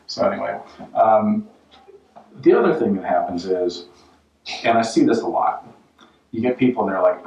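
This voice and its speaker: A man's voice: on the low side, animated, normal speed, creaky, pauses often, darkish tone. Wry man vlogging from a roomy distance. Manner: wry, dry humor with offhand life tips. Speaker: home renovation vlogger. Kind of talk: casual joking vlog talk. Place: job site and car. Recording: roomy, distant and dull-sounding.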